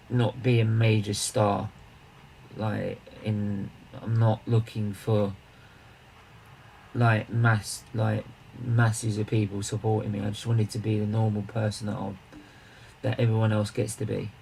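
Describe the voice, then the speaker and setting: A man's voice: lowish voice, creaky, darkish tone, a little hiss or hum, rough recording. A man hosting a charity live stream, chatting casually with viewers, rambling and restarting his sentences as he greets people and banters.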